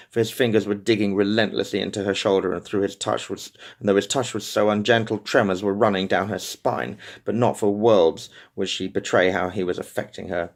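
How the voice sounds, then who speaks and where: A man's voice: lowish voice, fairly quick. Man reading a romance novel aloud. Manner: steady reading with small slips and restarts. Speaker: audiobook reader.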